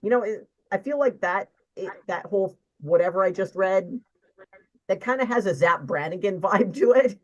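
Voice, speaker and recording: A woman chatting casually on a live stream, her humor dry and wry as she pokes fun at herself. Her voice sits at an ordinary, middle pitch. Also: moderate pace, dull audio. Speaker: stream co-host. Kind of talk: casual chat.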